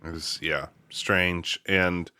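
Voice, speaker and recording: A man on a casual film podcast, giving thoughtful, measured comments with some hesitation. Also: low voice, fairly even intonation, pushed and bright, smooth, no echo, studio quality.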